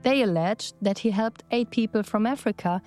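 A woman reporter narrating an investigative news piece in a measured, even delivery. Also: medium pitch, faint music behind.

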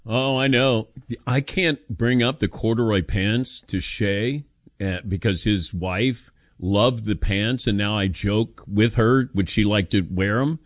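A man's voice: slow pace, dry recording, studio quality. A middle-aged man hosting a sports talk radio show, opinionated and emphatic, taking calls from listeners. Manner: opinionated, animated, jumps in pitch for emphasis.

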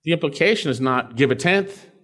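Animated preacher teaching scripture. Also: male voice, a little high, fairly quick. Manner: teaching verse by verse, checking in with "okay?" and "right?". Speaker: pastor. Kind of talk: expository sermon.

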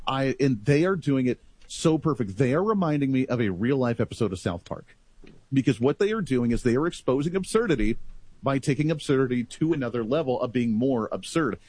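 A man talking in a casual political talk show, animated and rambling in long stretches. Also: mid-range voice, brisk, breathy edge, dry recording.

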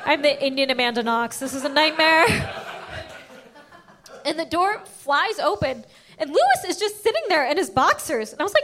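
A young woman telling a stand-up comedy story, animated, acting out what people said. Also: high-pitched, normal speed. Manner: animated storytelling, acts out quotes.

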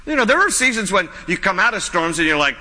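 A man's voice: sits high, big pitch swings, fast, pushed and bright, in a large hall. A man preaching a sermon as a pastor, earnest and conversational, often repeating his points. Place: church sanctuary.

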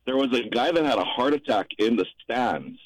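A man's voice: medium pitch, animated, brisk, dry recording, low-quality recording. A man calling in to a sports radio show and setting the facts straight in detail. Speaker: caller. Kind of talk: phone-in sports talk.

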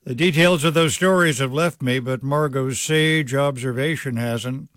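A man's voice: medium pitch, a little slow, fairly bright tone, no echo. A male radio news host reading a scripted essay with wry, affectionate storytelling. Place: dry radio studio. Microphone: studio microphone.

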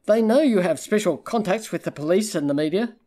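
A man's voice: high-pitched, lively intonation, brisk, dark tone, pitched above the performer's own voice. A man reading the lines of a whining, petulant male lawyer in an audiobook.

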